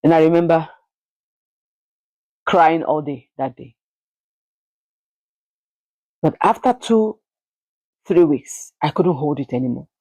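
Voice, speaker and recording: A woman vlogger telling a personal story in an emotional, halting way, often repeating words. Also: deep voice, animated, dark tone, slightly rough, dry recording, low-quality recording.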